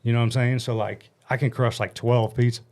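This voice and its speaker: A man, a guest on a podcast, telling a work story in a blunt, animated, casual way with some swearing. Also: medium pitch, brisk. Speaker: guest, paintless dent repair business owner.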